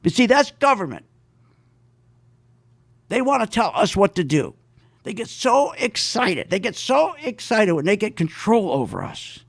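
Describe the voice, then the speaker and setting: A man's voice: high-pitched, sing-song, unhurried, vocal fry, pauses often. A man hosting a talk radio show, delivering an emphatic monologue and acting out the people he quotes.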